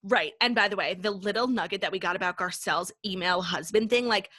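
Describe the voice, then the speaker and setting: Fast-talking young woman gossiping. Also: medium pitch, pushed and bright, dry recording. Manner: fast gossipy talk, heavy "like" filler, swearing. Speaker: podcast co-host. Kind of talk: casual chat.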